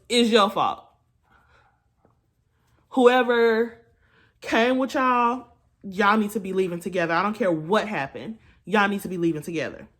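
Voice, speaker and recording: A young woman chatting through a storytime while doing her makeup, with animated asides to her viewers, recorded on a phone at home. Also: mid-range voice. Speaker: beauty vlogger. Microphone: phone camera.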